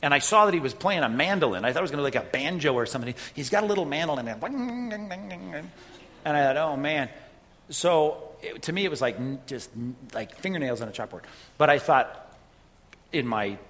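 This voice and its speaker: A man delivering a sermon in a relaxed, conversational manner, tossing in "right?" as he goes. His voice sits at an ordinary middle pitch. The room gives it a long, hanging reverb, like a large sanctuary. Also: fast talker. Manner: conversational preaching with frequent "right?" asides. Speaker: pastor.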